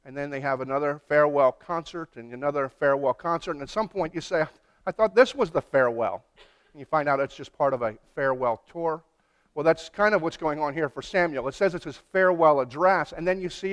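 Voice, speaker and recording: Male pastor, fairly high voice, loose conversational sermon with frequent restarts. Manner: conversational, repeats words while searching for phrasing.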